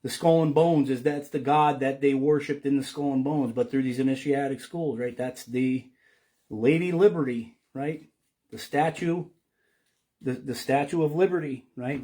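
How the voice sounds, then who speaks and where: A man speaking in a meandering, intense spiritual monologue, often tagging his thoughts with "right?" and "you know", shifting between quiet stretches and emphatic bursts. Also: medium pitch.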